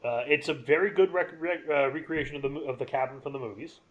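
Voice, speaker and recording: A man's voice: on the high side, fast talker, a bit bright, lo-fi sound. Chatty man rambling through game trivia. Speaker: podcast co-host. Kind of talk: casual gaming podcast chat.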